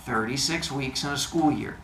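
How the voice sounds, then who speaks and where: A man's voice: medium pitch, normal speed, fairly bright tone, slight background noise. A man teaching a class, giving quiz instructions in a playful, jokey way with silly made-up words. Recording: echoey classroom, faint ambience.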